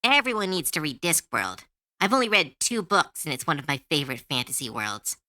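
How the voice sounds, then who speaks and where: Woman, livestream chat, swears a lot, bright tense tone, dry close sound. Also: low voice, very animated, brisk, no echo. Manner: profane, heated ranting. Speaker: streamer. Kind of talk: casual livestream chat while drawing. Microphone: close to a desk mic.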